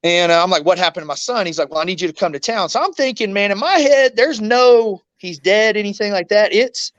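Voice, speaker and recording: A man's voice: sits high, expressive, fairly quick, a bit bright, dry recording, highs cut off. A man, an interview guest telling a painful story in raw, blunt words, swearing often and acting out what others said.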